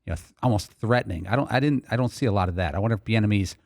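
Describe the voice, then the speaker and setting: A man co-hosting a sports talk radio show in a studio, asking questions in a measured way. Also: on the low side, creaky, darkish tone, no echo. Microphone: studio mic.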